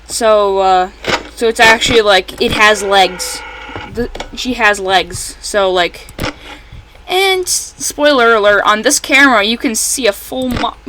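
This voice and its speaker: A woman giving casual, rambling commentary while playing a fan game she made, correcting herself often and breaking into excited outbursts at the characters. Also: mid-range voice, noisy background. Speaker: fan game creator playing her own game.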